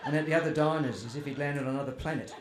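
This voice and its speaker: A man's voice: a little high, rapid-fire, background noise. Chatty man telling funny family stories. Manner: chatty, self-deprecating, quotes his father. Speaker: author speaking at a festival. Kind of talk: humorous storytelling to a live audience. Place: festival tent or hall with audience. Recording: roomy hall with faint ambience.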